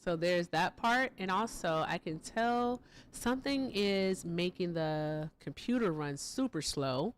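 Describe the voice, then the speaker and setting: A woman's voice: on the low side, lively intonation, measured pace, slight background noise. A woman hosting a live stream in a casual, chatty way. She thanks donors, laughs often and swears freely. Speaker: livestream host.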